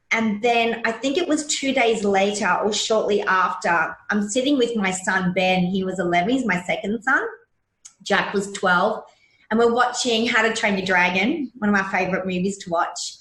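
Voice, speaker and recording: A woman's voice: medium pitch, normal speed, a bit bright. A woman in her forties, a hypnotherapist guest, telling a personal story in a blunt, emotional way and swearing freely. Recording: roomy echo.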